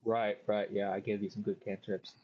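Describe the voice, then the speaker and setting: A man's voice: fairly low pitch, flat delivery, a little hiss or hum. Game master man, slightly muffled sound. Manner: brisk rules checks and scene descriptions. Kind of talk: running a tabletop game.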